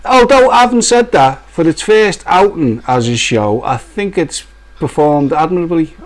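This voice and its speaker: A man's voice: on the high side, animated, measured pace. Jokey Black Country man chatting. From English Midlands. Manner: jokey, rambling, laughs often. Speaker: co-host of a vaping live stream. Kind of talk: casual banter on a live stream.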